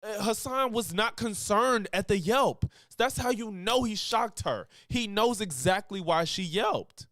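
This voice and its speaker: A man streaming casual reaction commentary, animated, laughing often and breaking into loud exclamations. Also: sits high, unhurried, few pauses, dry recording, studio quality.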